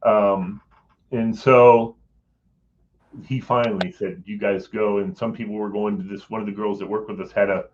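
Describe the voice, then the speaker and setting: A middle-aged guest in a casual chat recounts a personal story, his voice fairly low in pitch and moderate in pace over dull audio. Animated throughout, he acts out quoted voices and chuckles mid-sentence.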